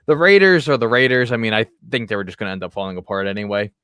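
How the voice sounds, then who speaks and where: Give me a laid-back man co-hosting a sports show, with a smooth, resonant voice. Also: fairly low pitch, racing, fairly bright tone, no room sound. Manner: laid-back, teasing questions. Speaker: podcast co-host. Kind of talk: casual sports chat.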